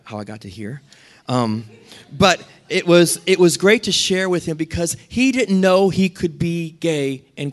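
A pastor preaching a sermon, telling stories in a lively way and acting out what other people said. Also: male voice, on the high side. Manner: storytelling with lively asides and acted-out quotes.

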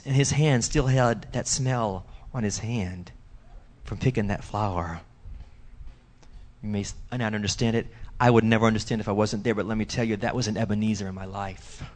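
A man preaching a sermon as pastor, telling stories emphatically and swinging between loud bursts and hushed low lines. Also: fairly even intonation, normal speed. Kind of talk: sermon testimony. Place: church.

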